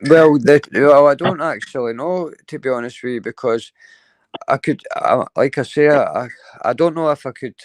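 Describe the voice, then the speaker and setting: A man's voice: medium pitch, moderate pace, no room sound. Male live-stream host, loose rambling chat, dry close sound. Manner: rambling, restarts sentences, laughs easily. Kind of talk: casual chat.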